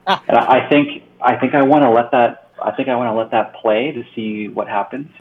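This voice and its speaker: A man playing in a tabletop game, describing his actions in a flat, matter-of-fact way. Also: mid-range voice, normal speed, narrow, tinny audio, a little hiss or hum. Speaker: player. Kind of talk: tabletop game play, casual.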